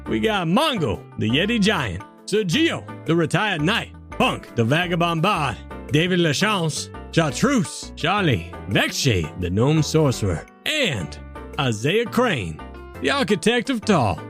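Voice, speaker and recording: Man voicing a Cajun potion shopkeeper, drawling, folksy, high-pitched, animated. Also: a little slow, soft background music, heavily acted. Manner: drawling, folksy shout-outs. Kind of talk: in-character sponsor shout-outs.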